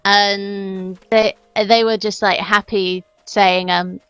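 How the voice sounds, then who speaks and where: A woman's voice: mid-range voice, level tone, takes it slowly, a bit bright, clean tone, faint music behind. A woman joining a gaming video as a co-player, chatting casually and playfully. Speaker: co-player and guest. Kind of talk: casual gameplay chat.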